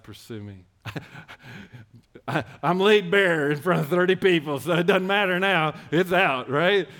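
Man with a slightly high voice preaching a testimony, rambling and restarting, earnest and exhorting. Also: a bit bright. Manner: rambling, self-interrupting storytelling. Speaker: church speaker. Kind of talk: personal testimony sermon.

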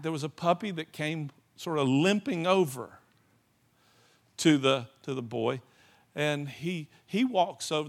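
Gravelly-voiced man preaching a sermon. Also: fairly high pitch. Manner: rambling, restarts often, animated storytelling. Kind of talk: sermon with storytelling.

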